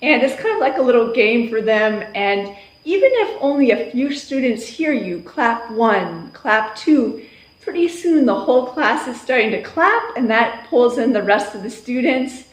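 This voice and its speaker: Teacher, female, higher-pitched, explains calmly and bursts into loud calls; echoey room. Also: normal speed. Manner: calm explaining, bursting into loud sing-song classroom calls. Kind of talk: instructional talk on classroom routines.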